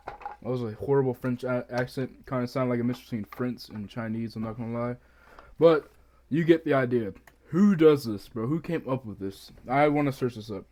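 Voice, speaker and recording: A man's voice: medium pitch, normal speed, warm tone. A young adult man casually commenting on a video during a live stream, slangy and saying "bro" a lot, with keyboard typing near his desk mic. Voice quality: slangy, says "bro" often.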